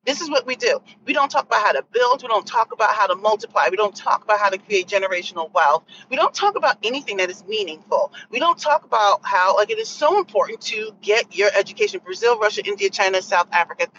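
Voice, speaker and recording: A woman hosts a casual livestream in a bright, forceful voice, rambling from point to point and catching her own slips as she goes. Her pitch jumps up high whenever she gets worked up. The audio is a little dull and muffled, with a faint hiss behind it. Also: quick pace, few pauses. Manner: animated, rambling, corrects herself mid-thought. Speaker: host.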